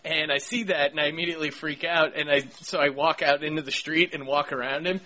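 A man from Pennsylvania hosting a podcast, telling stories in an animated way and laughing often. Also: on the high side, fairly quick. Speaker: podcast host. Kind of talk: casual chat.

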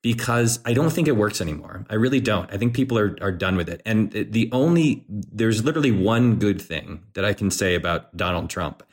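Man, podcast guest, lower voice, animated, acts out quotes, restarts sentences. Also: fairly quick, hardly any pauses, slightly rough. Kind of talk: political podcast conversation.

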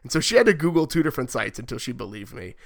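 A man's voice: medium pitch, very animated, rapid-fire, creaky. A man hosting a sports podcast, chatty and joking, who asks long rambling questions. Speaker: podcast host. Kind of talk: casual sports podcast chat.

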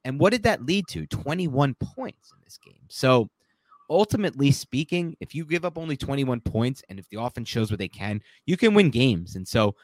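A man hosting a casual sports talk show, opinionated and animated, laughing now and then mid-sentence. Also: medium pitch, normal speed, no echo. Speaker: sports podcast host.

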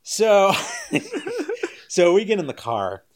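A man casually telling a story as a guest. He jumps higher and louder when he quotes people, laughs as he goes, and turns soft and low as he winds down. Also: huge pitch swings, extremely slow.

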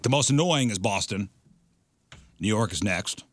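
A man's voice: on the low side, animated, normal speed, a little hiss or hum. A man hosting a radio talk show, casually reading out survey results and steering the banter. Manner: reads out survey results, leads the segment.

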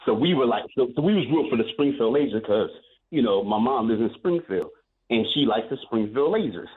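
A man calling in to a radio show, telling a rambling, animated story and repeating himself as he goes. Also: mid-range voice, brisk. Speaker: caller. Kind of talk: telling a story on a phone call. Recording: tinny phone line.

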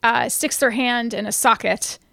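A woman's voice: fairly high pitch, steady tone, a little slow, creaky, bright, forceful tone, no echo, clean studio sound. A woman co-hosting a podcast in casual chat, a chatty storyteller who giggles through corny puns. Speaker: podcast co-host.

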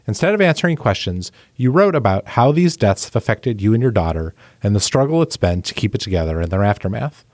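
A man's voice: fairly low pitch, big pitch swings, fairly quick, few pauses, a little mellow, dry recording, studio quality. A man hosting a parenting podcast, introducing topics and guests conversationally. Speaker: podcast host.

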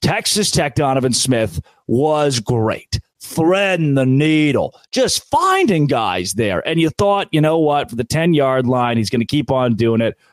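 A man's voice: medium pitch, very animated, unhurried, few pauses, no room sound. A man hosting a sports podcast, ranting with sarcasm and hyperbole in an opinionated, fired-up way.

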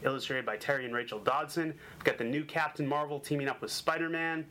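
Bright-voiced excited comic show host. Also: male voice, on the high side, fast, slight background noise, poor audio. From Boston. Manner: energetic, joking, gushing. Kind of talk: enthusiastic comic review chat.

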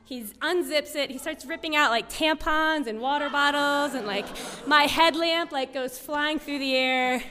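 A woman's voice: high voice, steady tone, measured pace, pushed and bright. A woman telling a personal story to an audience, in a chatty way full of "like" and "um". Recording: long reverb of a hall.

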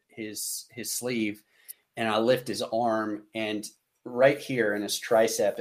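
A man in his thirties with an American accent, telling a war story as a podcast guest, animated and acting out the dialogue he quotes. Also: medium pitch. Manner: animated, acts out quoted dialogue, frequent fillers. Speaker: podcast guest, combat veteran. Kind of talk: casual storytelling.

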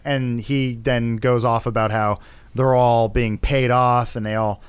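A man's voice: medium pitch, steady tone, normal speed, clear, resonant tone, dry recording. A man co-hosting a podcast, recapping a movie plot in casual chat, rambling and correcting himself with wry asides. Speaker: podcast co-host.

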